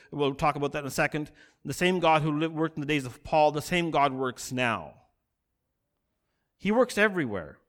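A man with a high, bright voice preaching a sermon. He speaks earnestly, lets key phrases swell louder and stretches them out for emphasis. His delivery carries a pastor's steady conviction.

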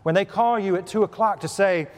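A man preaching a sermon as pastor, telling a humorous story with lively shifts in loudness and pitch. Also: fairly quick. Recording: preached in a hall with long reverb.

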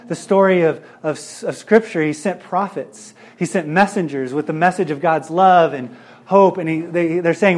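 A man's voice: on the high side, darkish tone. A male pastor preaching a sermon in an earnest way, repeating phrases for emphasis.

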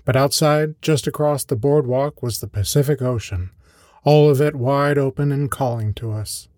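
A man's voice: mid-range voice, moderate pace, darkish tone, no echo. A man telling his own short stories as a podcast host, in a dry, wry, understated scripted delivery. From American Midwest. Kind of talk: scripted first-person storytelling.

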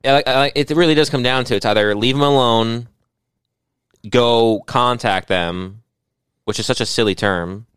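A young man co-hosting a casual comedy podcast, rambling and swearing as he riffs with rising excitement. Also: medium pitch, moderate pace, smooth, dry recording. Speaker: podcast co-host.

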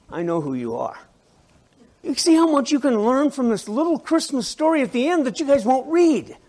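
Lively high-voiced male preacher. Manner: animated, conversational preaching with restarts and asides. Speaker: pastor of a biker church. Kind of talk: sermon.

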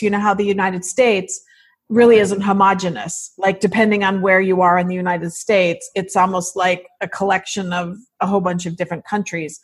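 Woman interviewer, husky voice, mid pitch, long hesitant questions. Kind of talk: casual conversational interview.

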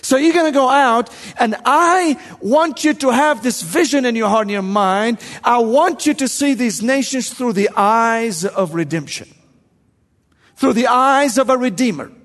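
A man's voice: very high-pitched, expressive, measured pace, fairly bright tone, big-room sound. A man preaching a sermon, emphatic and repetitive, asking the congregation questions.

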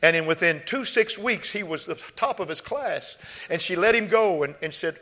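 A male preacher, delivering a sermon through stories. He repeats his words and swings from soft storytelling to loud, high exhortation. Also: lively intonation, fairly quick, big-room sound. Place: church.

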